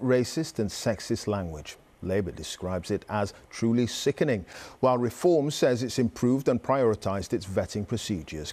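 News anchor guy, formal clear read, hands off to reporters. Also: medium pitch, a little mellow. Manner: clear, formal reading with small slips. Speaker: news presenter.

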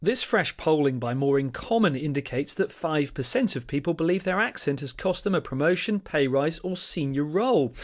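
A man reporting a news package in steady scripted narration. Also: fairly high pitch.

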